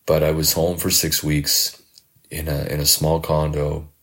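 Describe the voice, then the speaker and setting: A middle-aged man, a podcast host and life coach, reflecting in a halting, heartfelt monologue that often repeats words. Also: extremely low pitch, completely flat delivery, fairly bright tone.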